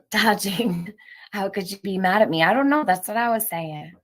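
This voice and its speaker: A woman's voice: medium pitch, animated, a little slow, fairly bright tone. A woman hosting a live stream, chatting casually with viewers and reading out their comments, laughing often.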